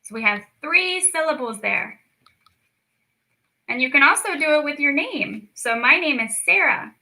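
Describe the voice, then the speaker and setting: A young woman teaching a children's lesson, slow and encouraging as she speaks to young kids. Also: sits high, lively intonation, vocal fry, sharp tone, rough recording. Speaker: speech clinic storytime teacher.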